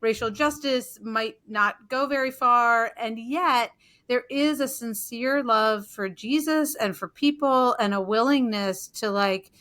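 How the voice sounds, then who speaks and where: A woman's voice: a little high, slow, fairly bright tone. A woman hosting a podcast, responding appreciatively to her guest in conversation. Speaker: podcast host. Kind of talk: conversational interview.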